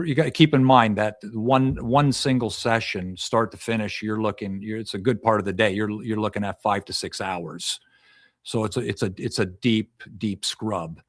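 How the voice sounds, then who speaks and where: A past life regression hypnotist, appearing as a podcast guest, explains his answers at length, frequently repeating and restarting phrases. His voice is lowish, recorded at studio quality with no echo.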